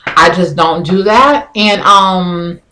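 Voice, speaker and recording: A young woman telling dating stories in a frank, slangy, animated way, acting out both sides of each conversation. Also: fairly low pitch, takes it slowly, poor audio. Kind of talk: casual storytelling.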